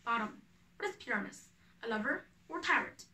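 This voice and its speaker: A woman reading the part of a boastful, eager male weaver who is an amateur actor, with a bright voice, a little high for a woman, in an echoey room away from the mic. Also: expressive, a little fast, distant mic.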